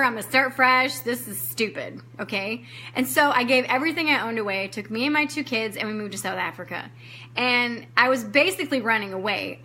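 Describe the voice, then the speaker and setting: Bright-voiced woman telling a candid story. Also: a little high. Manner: candid, emotional storytelling, acting out her own past lines, casual swearing. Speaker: life coach giving a training. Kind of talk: personal story in a live online training.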